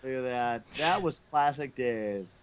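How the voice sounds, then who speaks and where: A man co-hosting a casual gaming podcast, telling childhood stories and acting out the quotes loudly. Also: mid-range voice, takes it slowly, clean tone. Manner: storytelling, acts out quotes loudly. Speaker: podcast co-host. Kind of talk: casual group chat.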